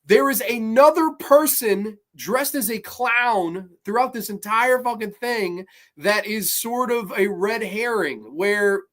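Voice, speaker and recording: A man hosting a horror movie review show, talking casually, swearing often and acting out scenes as he rambles through the plot. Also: high voice. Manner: animated, swears often, acts out scenes in quotes; rambling with restarts and asides. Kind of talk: casual film review podcast.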